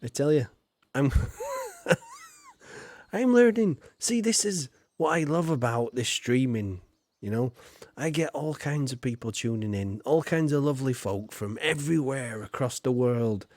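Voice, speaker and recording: A man's voice: mid-range voice, expressive, a little slow, a little mellow, dry recording, clean studio sound. A man with a Yorkshire accent chatting casually to his live-stream viewers, rambling and swearing mildly with lots of "you know". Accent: Yorkshire English. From Yorkshire, England. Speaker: game streamer.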